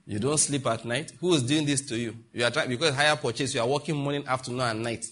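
A middle-aged man from Africa preaching a sermon as a pastor, emphatic and mocking, with sudden loud outbursts. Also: mid-range voice, fast talker.

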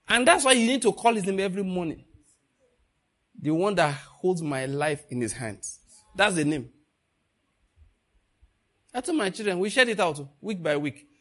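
Man, preacher, sermon, middle-aged, higher-pitched voice, animated delivery. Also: moderate pace, pauses often. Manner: animated, swings between hushed and loud, laughs often.

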